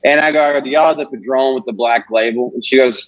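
Twenties man, comedian guest, mid-pitched, profane rambler, dry booth sound. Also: quick pace, dry recording, muffled recording. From Alabama, US. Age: 20s. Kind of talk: casual podcast chat.

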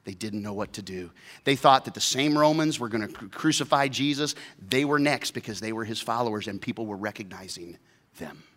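A man preaching a sermon as a pastor, telling the story in an animated way and acting out the voices. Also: fairly low pitch, a little fast, long reverb tail.

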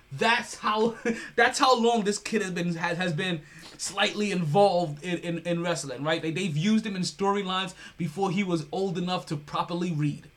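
A man hosting a casual sports podcast solo, talking in an animated way with many restarts, swearing and laughing when excited. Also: high voice. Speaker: podcast host.

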